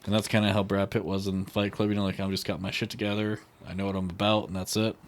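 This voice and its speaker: A man's voice: low voice, level tone, fast. A man co-hosting a podcast, talking in a laid-back way with lots of "like" and "you know". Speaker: podcast co-host. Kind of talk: casual chat.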